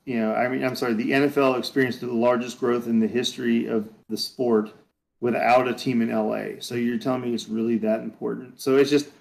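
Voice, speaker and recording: A man's voice: medium pitch, little pitch movement, a little fast, gravelly, rough recording. A man co-hosting a casual podcast chat, rambling and correcting himself as he goes. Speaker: podcast co-host.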